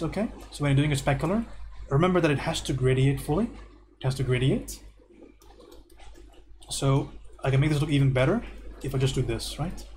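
A man teaching art on a livestream, going through student homework and giving relaxed, encouraging feedback. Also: medium pitch, slight background noise. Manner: relaxed and encouraging, thinks aloud with repeated praise.

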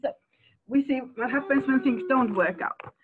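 An older woman, a foster carer, speaking haltingly and emotionally over a video call. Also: high-pitched, noisy background. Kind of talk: sharing in a Q&A. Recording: tinny phone-like call audio.

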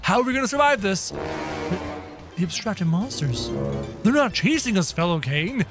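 A man doing excitable casual gameplay commentary, talking straight to his viewers. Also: high voice, normal speed, music in the background. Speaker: gaming YouTuber.

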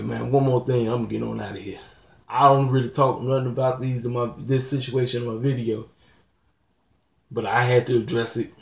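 A young man rants bluntly and preachily to viewers on his own channel, tossing in laughing asides in this casual vlog. His voice sits in the mid range and sounds creaky, and the room gives it a noticeable echo.

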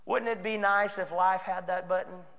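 Texan preacher guy, pretty high voice, earnest and chatty, lots of church echo. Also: fairly even intonation, moderate pace, creaky, fairly bright tone. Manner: earnest, conversational preaching with acted quotes. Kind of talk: sermon. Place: church sanctuary.

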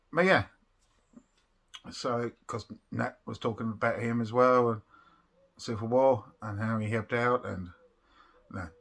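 A man's voice: fairly low pitch, a bit bright. Rambling man reviewing a show. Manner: rambling, with restarts and fillers. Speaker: vlogger reviewing a TV episode. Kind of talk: casual spoken review.

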